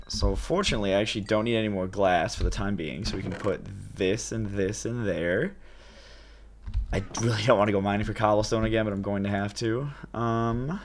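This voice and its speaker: A young man giving casual, excitable let's-play commentary to his viewers as he plays. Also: lowish voice. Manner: chatty, excitable, talks to viewers as "you guys". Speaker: gaming YouTuber.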